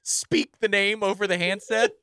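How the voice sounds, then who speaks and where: A man's voice: high-pitched, expressive, noisy background. A man co-hosting a casual sports talk show, trading jokes and punchlines with his partner. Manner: joking banter, quick punchlines, laughs along. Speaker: sports radio co-host.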